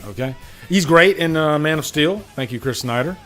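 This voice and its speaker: A man's voice: fairly high pitch, lively intonation, normal speed, a bit bright, faint music behind. Chatty, emphatic man hosting a livestream. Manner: chatty, emphatic, keeps asking "all right?". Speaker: livestream host. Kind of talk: casual live Q&A chat. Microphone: studio condenser mic.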